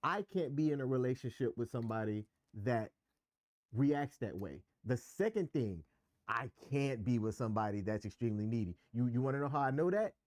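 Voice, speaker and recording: Speaking fairly quickly with lively intonation, this podcast co-host has a medium-pitched, slightly mellow voice. He talks relationships casually, candid and emphatic, going on at length about his views. The studio recording is clean, with no room sound.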